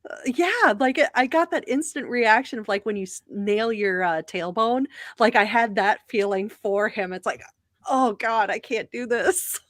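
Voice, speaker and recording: A woman's voice: medium pitch, moderate pace, fairly bright tone, dry recording, studio quality. A woman who is a podcast guest, chatting casually and filling her talk with "like". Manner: chatty, many fillers of "like". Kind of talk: casual chat.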